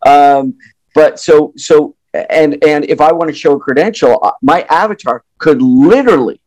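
A man's voice: on the high side, normal speed, darkish tone, no room sound, poor audio. A man being interviewed as a company executive, explaining ideas thoughtfully with many fillers and restarts. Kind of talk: interview conversation.

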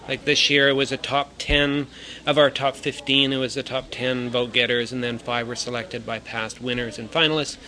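A man chatting casually in an interview about the contest he runs, cracking jokes at his own expense. His voice is bright and forward. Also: medium pitch, little pitch movement, normal speed, poor audio. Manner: self-deprecating, jokey. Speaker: competition organizer.

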